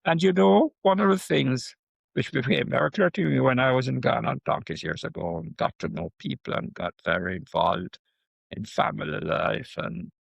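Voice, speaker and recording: Gravelly older man telling stories. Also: medium pitch, moderate pace, dry recording, lo-fi sound. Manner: animated storyteller with repeated asides like "right?". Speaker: guest professor. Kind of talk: conversational interview.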